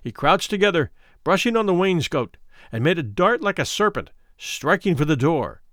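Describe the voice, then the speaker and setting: A man narrating a classic story in a measured, expressive way. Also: fairly high pitch, no echo, studio quality. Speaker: audiobook narrator.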